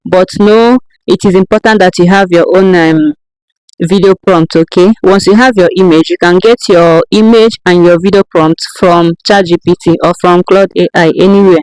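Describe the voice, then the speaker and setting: A woman walking viewers through a how-to tutorial step by step, often pausing to check in with "okay?". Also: lowish voice, steady tone, darkish tone, clean tone, no room sound, low-quality recording. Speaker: tutorial creator. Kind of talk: screen-recorded how-to tutorial.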